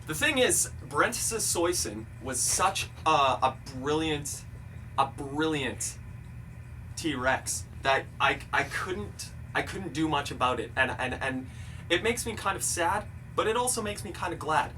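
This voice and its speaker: A man giving a deadpan comedic interview, halting and earnest, stumbling over repeated words. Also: on the high side. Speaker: interviewee in a mock documentary. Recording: distant mic with steady ambient noise.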